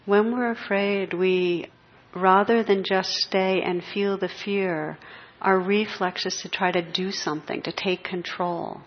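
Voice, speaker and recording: Gentle, reflective woman teaching meditation. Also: mid-range voice, steady tone, takes it slowly. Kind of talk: spiritual talk. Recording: dull muffled recording.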